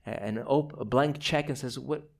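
Conversational preacher man, slightly higher voice. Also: animated, unhurried. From Moldova. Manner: conversational, repeats words, casual asides. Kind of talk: sermon.

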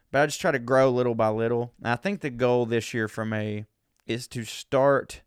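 A man's voice: medium pitch, clean tone, no room sound, clean studio sound. A man from the South, hosting his podcast in a rambling, self-deprecating casual monologue and swearing freely. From American South. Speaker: podcast host.

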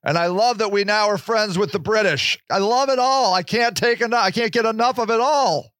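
Speaking briskly in a somewhat bright voice, this podcast host delivers a loose, profane, jokey monologue with abrupt leaps in pitch. The studio-quality audio carries no room sound.

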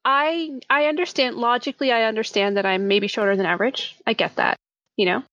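A woman in her thirties with a high, nasal voice chats as a podcast co-host. She talks in a self-mocking, animated way. The sound is dry and close, with no room around it. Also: a little fast, dry recording, dull audio. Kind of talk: casual chat.

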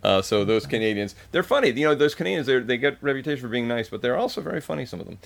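A man's voice: mid-range voice, expressive, racing, vocal fry. Podcast co-host, male, playful quizmaster energy, laughs easily. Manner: playful quizzing, laughs often. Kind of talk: casual comedic chat.

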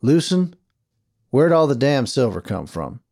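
Steady frontier sheriff, drawling and firm, voiced by a male narrator, audiobook western. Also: medium pitch, unhurried, gravelly, no room sound, clean studio sound, pitched above the performer's own voice, full character voice. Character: gruff, steady frontier sheriff, middle-aged man.

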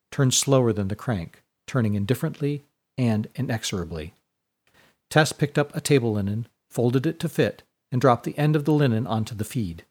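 A man narrating a scripted story in a steady, descriptive way. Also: mid-range voice.

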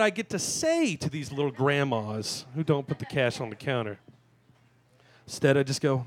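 A man in his thirties hosting a live talk show, delivering a crude, self-mocking comic monologue with sudden shouted rants. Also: mid-range voice, very animated, moderate pace, no room sound. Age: 30s. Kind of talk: stand-up style monologue. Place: live venue stage.

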